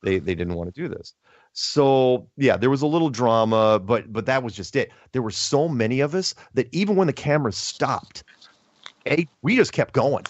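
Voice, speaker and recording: A man chatting casually, telling an animated story that is full of restarts and quoted lines. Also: medium pitch, moderate pace, no echo. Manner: animated storytelling, quoting others, many restarts. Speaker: podcast host. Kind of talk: casual chat. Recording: dull lo-fi audio.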